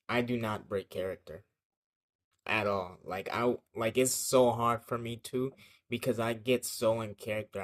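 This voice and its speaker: A young man telling a childhood story in a casual vlog, rambling and slangy, with lots of fillers and swearing. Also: lowish voice.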